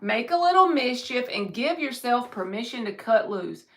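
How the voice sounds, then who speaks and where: A woman's voice: fairly high pitch, sing-song, normal speed, a bit bright. A woman giving a live-streamed tarot reading, reading viewers' comments aloud and answering them in an upbeat, encouraging way. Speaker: tarot reader.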